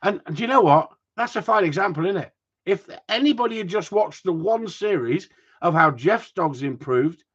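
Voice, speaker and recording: Ranting dog trainer on a live stream. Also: male voice, fairly high pitch, muffled recording. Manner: chatty, ranting, swears casually. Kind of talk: casual live-stream chat reading viewer comments.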